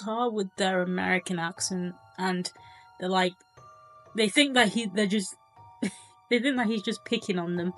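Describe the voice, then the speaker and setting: A woman's voice: mid-range voice, a bit bright, rough recording. A young woman giving a casual movie review, chatty and incredulous, full of filler words.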